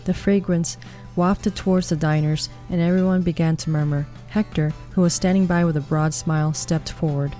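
A woman narrates a storybook tale in a calm, even way. Her voice is fairly low and mellow, and soft music plays underneath. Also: moderate pace, hardly any pauses.

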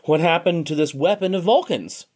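A man's voice: a little high, normal speed, a little mellow, close to an everyday voice. A man voicing a nervous young farmer's son in a storybook reading, stammering and hesitant. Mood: curious.

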